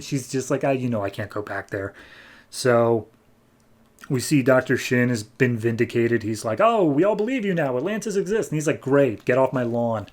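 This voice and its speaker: A man hosting a comic book podcast, casually recapping and reviewing an issue with animated quoted lines. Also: mid-range voice. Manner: animated retelling with quick quoted voices.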